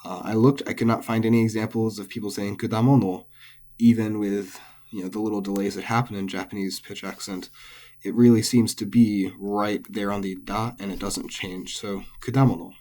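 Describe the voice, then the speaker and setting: A man explaining Japanese pitch accent in a patient, methodical lesson, with frequent fillers. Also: little pitch movement, moderate pace, mellow. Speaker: language teacher.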